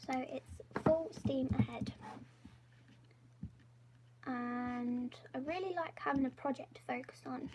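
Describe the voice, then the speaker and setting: A woman's voice: high-pitched, takes it slowly, pauses often, very noisy. A woman live-streaming from her home office, chatting in a rambling, self-deprecating way, often dropping to a half-whisper. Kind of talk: casual live-stream chat.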